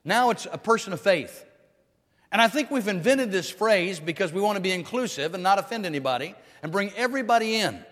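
A man's voice: high-pitched, lively intonation, a little fast, fairly bright tone, in a large hall. A man preaching a sermon emphatically, repeating phrases and restarting as he drives each point home. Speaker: pastor.

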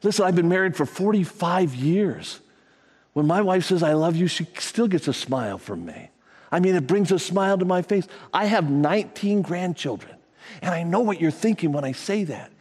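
An older man preaching a sermon, telling folksy stories with repeated phrases and sudden rises in pitch. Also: expressive, moderate pace, darkish tone, breathy edge. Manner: folksy storytelling with repetitions and pitch jumps. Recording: long reverb of a large hall.

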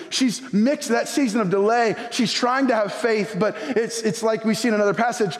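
Pastor, man, high voice, sermon in a church with long hall echo. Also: brisk, hardly any pauses. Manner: reads scripture in old English then pleads directly with the congregation.

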